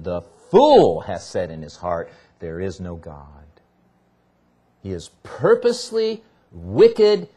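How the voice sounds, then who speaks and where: A husky-voiced man delivers an unhurried expository sermon as pastor, his pitch rising and falling in lively swings. He stresses key words by repeating them, leaning hard on each one.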